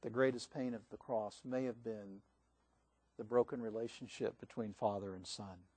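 A male pastor preaching a sermon, reading scripture aloud and moving between swelling emphasis and hushed passages. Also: on the low side, fairly even intonation, moderate pace, slightly rough, no room sound.

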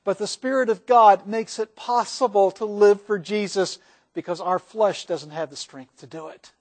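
A man's voice: sits high, moderate pace, darkish tone. A man pastor delivering a sermon to his congregation, earnest, rising when he reads scripture. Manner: earnest preaching, swells for quoted scripture. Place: church sanctuary.

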